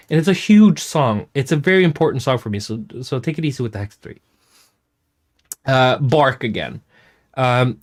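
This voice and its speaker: Rambling man reading chat comments. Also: medium pitch. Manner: rambling, self-interrupting, swears casually. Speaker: music producer hosting a chat stream.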